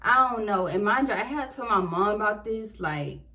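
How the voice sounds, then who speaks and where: A woman's voice: mid-range voice, animated, a little fast, sharp tone, poor audio. Woman in her 20s, casual storytime vlog, slangy, acts out her own lines. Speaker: vlogger.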